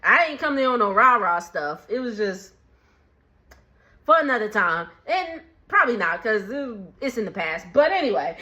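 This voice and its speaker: A woman recapping a reality show in a casual, animated way, laughing often and acting out what people said. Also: fairly high pitch, dull audio. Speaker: recap vlogger.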